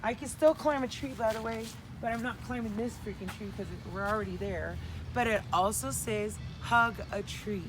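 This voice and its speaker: A middle-aged woman talking candidly and casually to the camera outdoors, sharing coping skills in an animated way and swearing now and then. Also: on the high side, moderate pace, noisy background.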